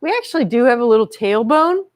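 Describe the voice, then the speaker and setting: A woman's voice: fairly high pitch, lively intonation, fast talker. Cheerful woman leading kids' yoga. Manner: upbeat, encouraging, speaks gently to young children. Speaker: kids yoga instructor. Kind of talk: children's yoga class. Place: home room with her dogs. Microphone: camera she set up herself.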